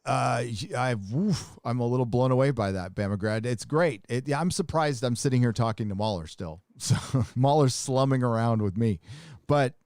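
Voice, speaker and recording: A man's voice: mid-range voice, moderate pace, a little mellow, smooth, no room sound, clean studio sound. A man hosting a live podcast, chatting casually and rambling with lots of profanity. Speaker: host. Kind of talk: casual livestream chat.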